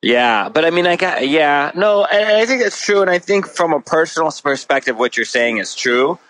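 A man's voice: fairly high pitch, lively intonation, normal speed, fairly bright tone, no room sound, poor audio. A middle-aged man from Wisconsin, a guest musician telling a story in a casual podcast chat, rambling with lots of "like" fillers and frequent swearing.

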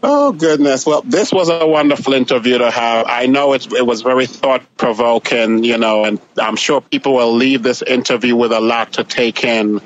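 A sassy, blunt man chatting as a podcast guest and handing out punchy advice. His voice is mid-pitched and plain. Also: normal speed, hardly any pauses, dull audio. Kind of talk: casual chat.

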